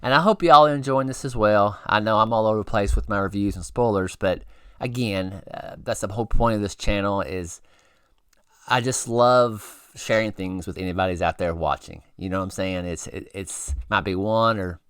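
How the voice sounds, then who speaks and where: Low-voiced man rambling through a recap. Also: moderate pace, clear, resonant tone, no room sound, clean studio sound. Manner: rambling, many fillers and restarts; relaxed and friendly. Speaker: TV review channel host. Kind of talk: casual spoken episode recap.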